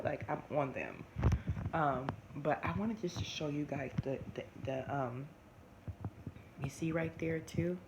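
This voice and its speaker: A woman, chatting animatedly to camera and often restarting her sentences. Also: low voice. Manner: animated, talks fast with many restarts. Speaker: vlogger. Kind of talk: casual chat to camera. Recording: noisy home recording.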